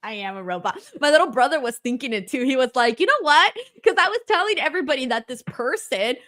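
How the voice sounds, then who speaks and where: A woman's voice: sits high, fast talker. A woman co-hosting a wrestling watchalong livestream, telling stories in casual chat, often swearing and laughing. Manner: animated storytelling, frequent swearing and laughter.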